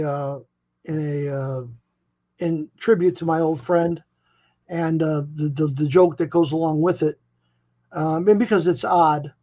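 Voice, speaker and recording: Older man telling stories, lo-fi audio. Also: a little high. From Chicago, USA. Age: 70s. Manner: rambling, animated storyteller who restarts phrases often. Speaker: guest musician. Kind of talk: casual interview storytelling. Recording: dull lo-fi audio.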